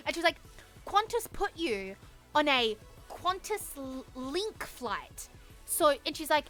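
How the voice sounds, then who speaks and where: A woman's voice: sits high, big pitch swings, moderate pace, pushed and bright, faint music behind. A young woman streamer telling a story casually, acting out both sides of a conversation and swearing freely. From Australia.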